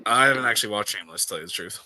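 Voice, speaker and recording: A man's voice: lowish voice, racing, pushed and bright, no room sound, poor audio. A young man from the States chatting casually, rambling with lots of fillers and restarts. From United States. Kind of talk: casual chat.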